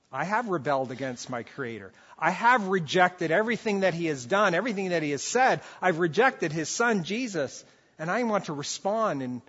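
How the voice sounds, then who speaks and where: A man preaching a sermon as pastor, impassioned, swinging between loud urgent calls and quiet, soft-spoken moments. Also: fairly high pitch, breathy edge, in a large hall, dull audio.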